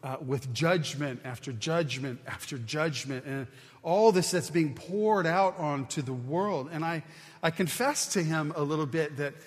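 A man delivers a sermon in an earnest, conversational teaching style, often restarting his phrases. His voice sits a little higher than usual for a man. Long reverb trails behind his words, as if he is speaking in a large hall. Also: unhurried. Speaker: pastor.

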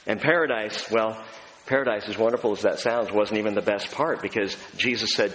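A male pastor preaching a sermon, talking directly to his congregation and swinging between emphatic, raised passages and hushed, low ones. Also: moderate pace. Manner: conversational and direct with the audience. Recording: long hall reverb, faint background noise.

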